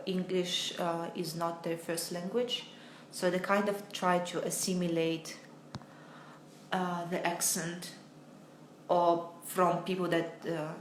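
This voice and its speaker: A woman, an English teacher talking in a live online Q&A lesson and pausing often on filler sounds. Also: lowish voice, slight background noise. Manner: hesitant, many filler sounds, reads viewer comments aloud. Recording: roomy echo.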